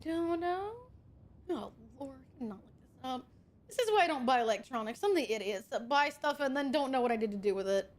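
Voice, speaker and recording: A woman streamer chatting casually with her viewers, excitable and swearing a lot, with loud outbursts. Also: sits high, fairly quick. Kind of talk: casual live-stream chat.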